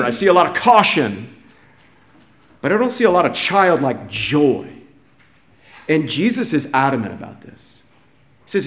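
A man preaching a sermon as pastor, emphatic, often restarting phrases and swinging from hushed to raised. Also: on the high side.

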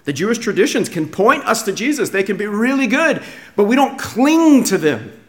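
A man's voice: high voice, very animated, normal speed. A man preaching a sermon, earnest and emphatic, often repeating words as he restarts a thought. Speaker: pastor.

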